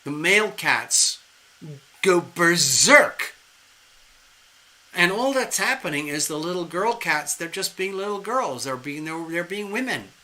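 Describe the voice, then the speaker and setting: Tarot reader on a live stream; a man with a bright, fairly high voice, chatty and animated. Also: measured pace, slight background noise, low-quality recording. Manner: animated, chatty, conversational and playful.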